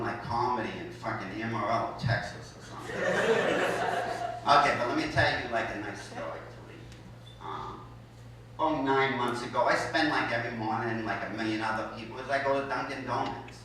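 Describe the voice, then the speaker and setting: A man's voice: medium pitch, sharp tone, a little hiss or hum. A man doing a stand-up comedy set, telling a story in a blunt, profane, self-mocking way. He speaks into an echoey college hall in front of a live audience. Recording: echoey hall, mic heard from a distance.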